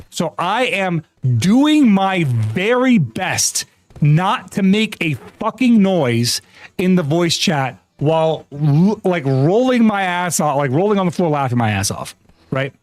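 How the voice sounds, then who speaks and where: Animated, laughing male game streamer. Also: high voice. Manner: animated, laughing storyteller who swears freely. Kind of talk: casual gaming livestream storytelling.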